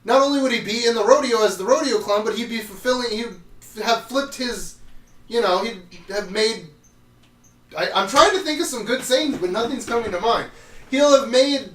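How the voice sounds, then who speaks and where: High-voiced swearing podcast host, echoey. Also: male voice, moderate pace, a bit bright, far from the mic. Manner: rambling, swears often, trails off mid-sentence. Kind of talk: casual chat recapping episodes.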